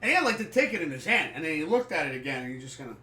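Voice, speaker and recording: A man hosting a live sports podcast, telling a story casually and animatedly, swearing freely and acting out scenes loudly. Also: on the high side, very animated, racing. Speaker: podcast host. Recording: echoey room, far from the mic.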